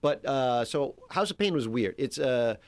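A middle-aged man chatting casually as a guest, telling stories in an animated, self-deprecating way. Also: mid-range voice, measured pace, dry recording. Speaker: guest on a talk podcast. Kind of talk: casual chat, storytelling.

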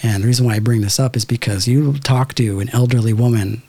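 A man in his thirties chats in a gravelly, slightly husky voice, recorded close with almost no room sound. He tells a personal story in a relaxed, musing way, leaning on "like" and "you know" as he turns to spiritual reflection. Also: medium pitch, fast, no room sound. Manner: reflective, spiritual, many fillers like "like". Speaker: podcast guest. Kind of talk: casual storytelling chat.

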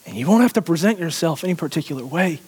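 A man's voice: fairly high pitch, lively intonation, fast talker, a little mellow, breathy edge, in a large hall. A man preaching a sermon, asking the congregation questions and often laughing. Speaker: pastor.

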